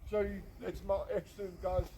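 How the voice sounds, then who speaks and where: A man's voice: sits high, flat delivery, moderate pace, background noise. A man giving an earnest, emphatic personal testimony as the founder of a rehab centre. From South Africa. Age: 40s. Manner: earnest, emphatic, repeats phrases for effect.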